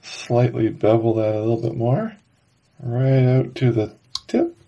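A man's voice: medium pitch, unhurried, muffled recording. A man with a stuffy, nasal voice from a cold, chatting casually as he narrates a woodcarving tutorial while he works. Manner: relaxed, chatty, talks while working. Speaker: woodcarving channel host.

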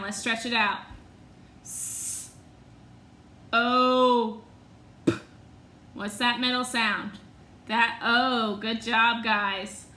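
Slow, bright-voiced woman teaching young children. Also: fairly high pitch. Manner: slow, stretched-out sounds with sing-song prompts. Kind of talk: phonics lesson for young children. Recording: echoey room.

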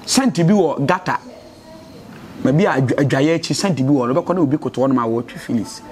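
A man's voice: mid-range voice, quick pace, darkish tone. A Ghanaian man giving a street interview in Twi and English, earnest and preachy about faith and change.

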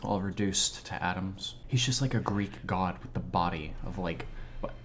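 A man giving excitable, slangy live reaction commentary on an anime episode, exclaiming and swearing often. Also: sits low, normal speed.

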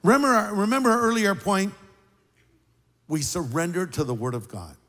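An older man preaching a sermon as pastor, an animated storyteller with wry, sarcastic asides. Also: high voice, normal speed, in a large hall.

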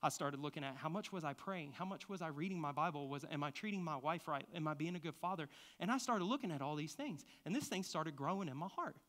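A man preaching a sermon and sharing his own testimony, swinging from hushed confessions to loud, fervent exclamations. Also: fairly high pitch, fast talker, hardly any pauses. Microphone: stand microphone.

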